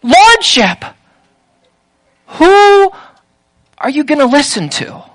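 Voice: high-pitched, big pitch swings, slow pace, a bit bright, low-quality recording. A preacher giving a sermon in an emphatic way, with rhetorical questions and repeated lists.

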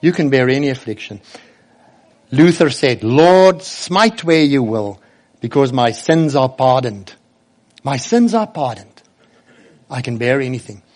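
A man preaching a sermon, emphatic, slowing and rising as he quotes scripture. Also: mid-range voice, expressive.

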